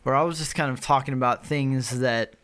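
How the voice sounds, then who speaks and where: A man co-hosting a casual podcast, talking in a relaxed, rambling way with plenty of laughs. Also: mid-range voice, brisk. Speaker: podcast co-host.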